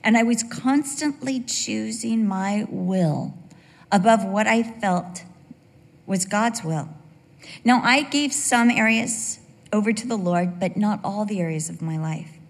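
An older woman preaching a sermon and telling a personal story in an animated way, acting out the voices of the people in it. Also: medium pitch, takes it slowly, creaky. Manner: animated storyteller who acts out quoted voices. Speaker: speaker at a church gathering. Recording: reverberant hall.

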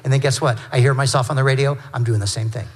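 A man's voice: medium pitch, steady tone, slightly rough. Man preaching in a reverberant hall. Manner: conversational, with quick asides and self-correction. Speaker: pastor. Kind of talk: sermon teaching through scripture.

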